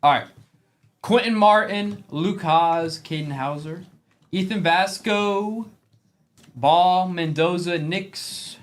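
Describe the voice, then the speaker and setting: A man's voice: high voice, slight background noise. A man hosting a live sports card break, reading off player names from the cards he opens. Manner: rapid name roll-call of cards.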